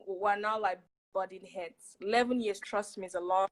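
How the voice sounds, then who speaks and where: A woman chatting as a guest on a video call, animated and emphatic, often repeating herself for effect. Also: mid-range voice, normal speed, poor audio. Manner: animated, laughing, emphatic repetition. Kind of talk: casual chat on a video call.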